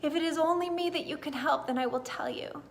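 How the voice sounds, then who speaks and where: A young garden flower girl speaks in a bright, raised voice, earnest and pleading, as a woman reading a bedtime story puts her on. She sounds sincere and a little insistent. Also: sits high, unhurried, a little hiss or hum.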